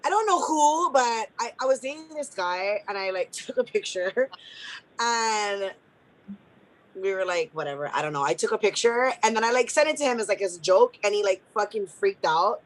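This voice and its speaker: A woman co-hosting a radio chat, telling personal stories in an animated, profane way. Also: mid-range voice, moderate pace. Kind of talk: casual storytelling chat.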